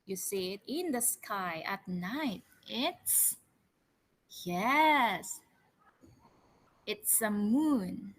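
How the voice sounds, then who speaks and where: A woman teaching English words to children and reading them a story, prompting slowly and repeating each word. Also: mid-range voice, animated. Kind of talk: vocabulary lesson and storytelling for children.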